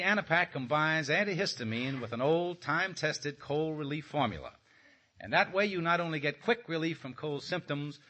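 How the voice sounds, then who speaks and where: A man's voice: on the high side, bright, forceful tone. A man reading a radio commercial in a friendly, persuasive way. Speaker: commercial announcer.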